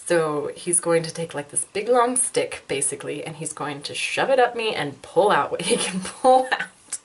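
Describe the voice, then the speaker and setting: A woman's voice: fairly low pitch, expressive, normal speed, a little hiss or hum. A woman, likely in her twenties, telling a candid personal health story with self-deprecating humor and frequent laughter.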